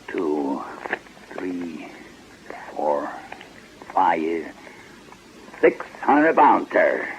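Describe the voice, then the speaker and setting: An actor playing a shrewd male detective sergeant in a radio drama, speaking smoothly and unhurriedly with polite mockery. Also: fairly low pitch, slight background noise. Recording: dull lo-fi archive radio recording.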